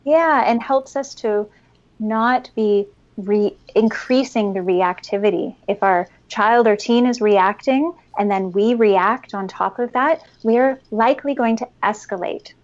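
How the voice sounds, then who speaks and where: A woman giving expert parenting advice as a podcast guest, calm and instructive, at times guiding a breathing exercise. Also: on the high side, a little slow, highs cut off. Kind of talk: explanatory interview talk.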